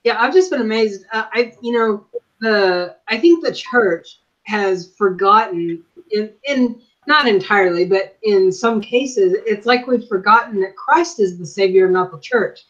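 A woman's voice: medium pitch, lively intonation, measured pace. A woman guest in a casual faith conversation, speaking earnestly and affirming what the host says. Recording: muffled lo-fi audio.

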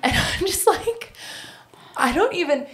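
A woman's voice: very high voice, very animated, unhurried, fairly bright tone. A woman in her thirties, a hairdresser, telling stories in casual podcast chat, candid and profane, with lots of fillers. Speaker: guest hairdresser.

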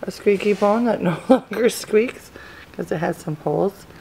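A woman's voice: medium pitch, normal speed, gravelly, warm tone, a little hiss or hum. A mother in her thirties filming a family vlog, chatting fondly to her dog in a sing-song voice. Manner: sweet baby-talk to her dog. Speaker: vlogger. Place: home, then a car. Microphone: handheld camera.

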